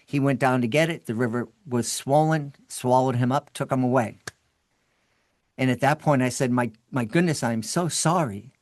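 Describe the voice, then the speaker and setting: Man, podcast guest, animated storyteller, mid pitch, restarts often, dry booth sound. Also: normal speed, dry recording. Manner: animated, restarts and repeats words. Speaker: podcast guest, children's podcast creator. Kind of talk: storytelling in an interview.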